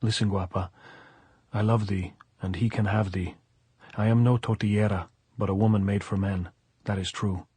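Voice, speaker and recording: A man voicing a big, gruff, weary middle-aged guerrilla woman who talks bluntly in old-fashioned thee-and-thou speech. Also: fairly low pitch, fairly even intonation, moderate pace, warm tone, dry recording. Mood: brooding, candid.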